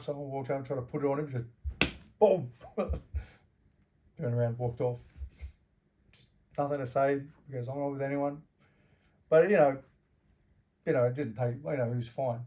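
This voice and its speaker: A middle-aged Australian man telling rough stories in casual, profane talk, laughing as he goes. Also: mid-range voice, dark tone. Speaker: interview guest. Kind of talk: casual storytelling with heavy swearing.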